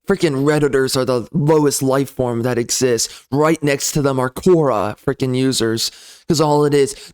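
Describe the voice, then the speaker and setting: A man delivering a loud, sneering, profane comedy rant as a game reviewer. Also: on the high side, clear, resonant tone. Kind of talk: ranting comedy commentary.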